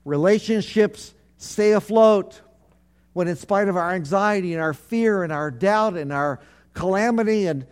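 A man's voice: high-pitched, a little slow, smooth. A man, a pastor, preaching a sermon, leading his congregation to repeat phrases back, with earnest, repetitive emphasis.

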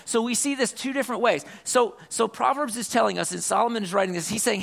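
A man delivers a church sermon in a high, gravelly voice. He is earnest and reads scripture aloud, often doubling back on his words mid-sentence. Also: fast talker, hardly any pauses, a bit bright. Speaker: pastor.

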